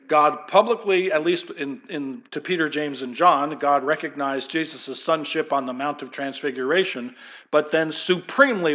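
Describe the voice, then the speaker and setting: A pastor preaching a sermon in an easygoing, conversational way, wandering into folksy asides. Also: male voice, on the high side, sharp tone.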